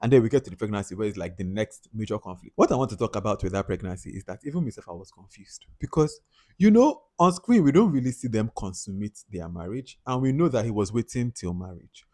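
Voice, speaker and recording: A man with a Nigerian accent giving a casual, chatty film review, animated and laughing often. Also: lowish voice, quick pace.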